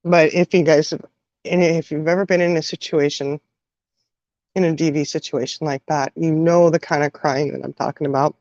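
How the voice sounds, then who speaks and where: A middle-aged woman telling an emotional personal story, halting, with many restarts and fillers. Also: low-pitched, steady tone, a little mellow, no room sound. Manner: halting, full of "you know" and restarts. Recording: dull, dry sound.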